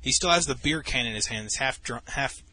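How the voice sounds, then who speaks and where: A man's voice: medium pitch, a little fast, pushed and bright, breathy edge, rough recording. A man commentating over a game replay, telling a rambling, profane story in a casual way, full of restarts.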